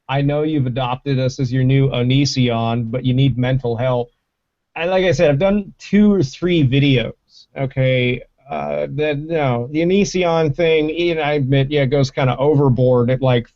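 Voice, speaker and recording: A man hosts a casual livestream, spinning profane, rambling stories with plenty of animation. His voice sits at a middling pitch and comes through a desk mic and mixer. The stream audio sounds dull and lo-fi. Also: a little mellow. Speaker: livestream host.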